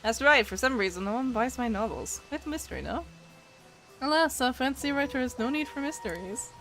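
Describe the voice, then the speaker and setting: A woman's voice: high voice, animated, a little fast, faint music behind, poor audio. A woman voicing a flamboyant, pompous male writer from a game, with theatrical, grandiose delivery. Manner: theatrical, grandiose, loud exclamations. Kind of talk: reading game dialogue aloud.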